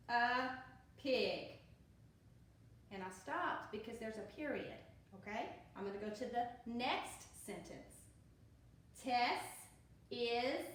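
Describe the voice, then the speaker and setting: A woman's voice: a little high, distant mic, slight background noise. Echoey Southern woman teaching little kids. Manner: cheerful, encouraging, sounds words out slowly and stretches them. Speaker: pre-K teacher. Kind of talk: recorded lesson for young children. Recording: very echoey room.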